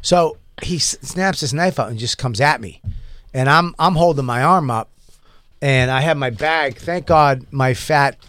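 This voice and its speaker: A man telling a rambling story in casual chat, animated and full of profanity. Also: medium pitch, measured pace, no room sound. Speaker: podcast storyteller.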